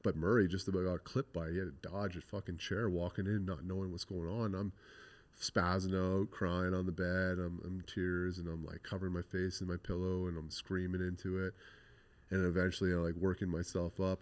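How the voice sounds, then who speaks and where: A man with a low voice and flat, brisk delivery tells his own story as an interview guest. His candid, conversational account is frank and blunt; he swears freely and recreates scenes by quoting what people said.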